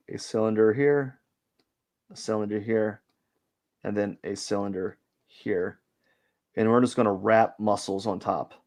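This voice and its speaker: A man's voice: on the low side, a little mellow. A man hosting a live drawing stream, giving casual commentary as he works and thinking aloud in a rambling way, with lots of fillers.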